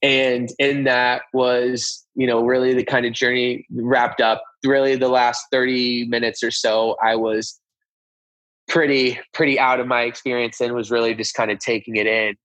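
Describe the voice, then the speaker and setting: This guest speaks in a mid-range, fairly flat, slightly bright voice at a normal pace, telling a personal story earnestly and casually. He reenacts exchanges with "I was like." The recording is dry and muffled.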